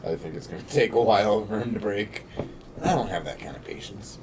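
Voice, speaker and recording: A man's voice: on the low side, animated, fairly quick, a little mellow, recorded from a distance, slight background noise. A man playing a tabletop game, joking and playful. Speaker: player. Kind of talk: casual tabletop play.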